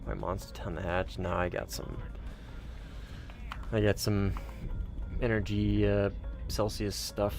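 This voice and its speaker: Sleepy gamer dude on voice chat, gravelly lowish voice, laid back, swears a lot, faint music behind. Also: male voice, steady tone, takes it slowly, pauses often, a little mellow. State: tired, up late. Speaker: gamer playing with friends on voice chat. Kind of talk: casual gameplay chat.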